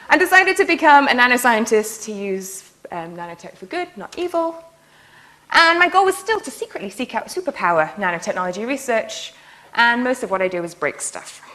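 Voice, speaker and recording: A woman's voice: fairly high pitch, sharp tone. A woman nanotechnologist giving a public lecture in a university hall, telling stories in a playful, enthusiastic way. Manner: playful, enthusiastic storytelling with laughs.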